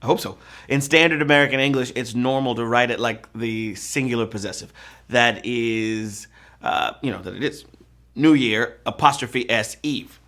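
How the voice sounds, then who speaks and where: A man's voice: medium pitch, moderate pace, fairly bright tone. A man hosting a live trivia show, reading questions with playful rhyming quips and jokes. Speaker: trivia game show host.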